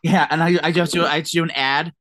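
A woman's voice: deep voice, steady tone, brisk, a bit bright, no echo, clean studio sound. A woman, co-hosting a podcast in casual, rambling, joking chat. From New Jersey. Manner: joking, rambling, lots of fillers. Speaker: podcast co-host.

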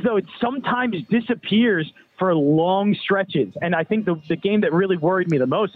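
A man with a Philadelphia accent breaking down a football matchup as a guest analyst, thinking aloud with some filler words. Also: sits high. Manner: thoughtful, hedging with filler words. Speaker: radio show host as guest. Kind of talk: sports betting analysis. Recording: dry tinny phone line.

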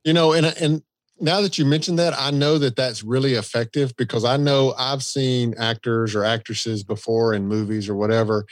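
A man's voice: mid-range voice, little pitch movement, dry recording. A man with a Southern American accent co-hosting a podcast, chatting in an easygoing, agreeable way. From Southern United States. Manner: easygoing, agreeable, quick to laugh. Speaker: podcast co-host. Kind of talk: casual podcast chat.

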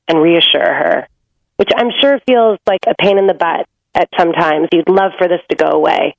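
A woman's voice: fairly low pitch, moderate pace, creaky. Woman relationship coach, earnest and reassuring, slightly dull lo-fi sound. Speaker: relationship expert guest. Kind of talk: coaching talk on a podcast.

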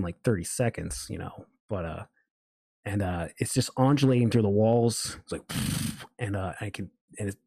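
A man's voice: fairly low pitch, no room sound, clean studio sound. A man telling a long story in a casual, rambling way, full of fillers and restarts. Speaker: guest.

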